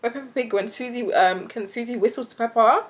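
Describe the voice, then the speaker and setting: A young British woman vlogger telling a story casually, animated and laughing often, acting out the voices of the people in it. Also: on the high side, a little fast, heavy background noise.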